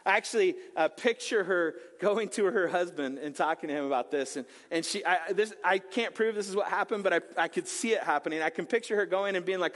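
Animated high-voiced preacher in a hall. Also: male voice, brisk, few pauses. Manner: animated storytelling, conversational with jokes. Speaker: pastor. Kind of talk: sermon. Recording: long hall reverb.

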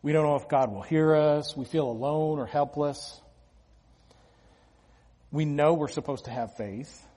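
Husky man preaching in a reverberant hall. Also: fairly high pitch, a little slow, pauses often, dark tone. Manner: conversational, with frequent restarts and small laughs. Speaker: pastor. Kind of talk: sermon.

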